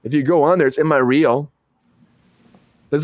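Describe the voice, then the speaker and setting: At a moderate pace, a man who is an actor and the show's host chats casually. He tells his stories animatedly, acting out quotes in a raised, high voice, and the studio-quality recording has no room sound.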